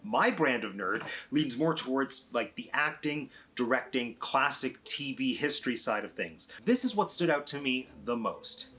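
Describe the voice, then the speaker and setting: A man's voice: medium pitch, animated, moderate pace, pushed and bright. A man talking through a TV series review in a chatty vlog, eager and gushing, with sudden emphatic lifts on the words he loves. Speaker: film and TV reviewer.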